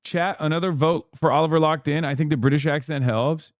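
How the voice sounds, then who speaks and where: Fast, blunt male streamer with a higher voice. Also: steady tone, no room sound, clean studio sound. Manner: blunt, joking asides with swearing. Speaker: streamer reacting to a video. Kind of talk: casual live-stream commentary.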